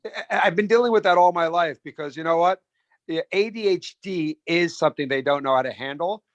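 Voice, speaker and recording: Fast-restarting middle-aged man, dry sound. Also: a little high, no echo, muffled recording. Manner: animated storyteller, many restarts and repeated words. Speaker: restaurant founder and guest. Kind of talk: casual interview storytelling.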